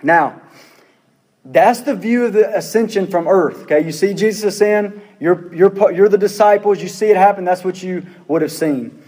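A man's voice: high-pitched, moderate pace, darkish tone, in a large hall. A man preaching a sermon as pastor, earnest and full of rhetorical questions, repeating his phrases for emphasis.

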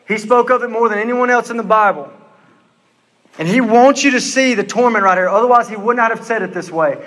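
A man preaching a sermon, intense and emphatic, slowing down to stress his words. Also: sits high, fairly bright tone, big-room sound.

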